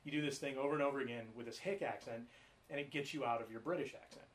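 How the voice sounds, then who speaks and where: A man's voice: medium pitch, rapid-fire, slight background noise. Rambling, swearing podcast co-host man. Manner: rambling storyteller, swears freely. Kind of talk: casual chat.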